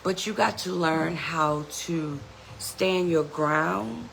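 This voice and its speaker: A woman's voice: lowish voice, takes it slowly, gravelly, a bit bright, slight background noise, poor audio. A woman hosting a podcast, giving an earnest, motivational self-help talk and often saying "you know". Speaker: podcast host.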